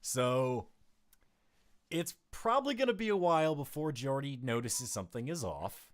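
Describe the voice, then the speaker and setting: A man's voice: medium pitch, normal speed. A man running a tabletop game as game master, chatting casually and laughing often at his own slips. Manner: laughs often, self-mocking, animated.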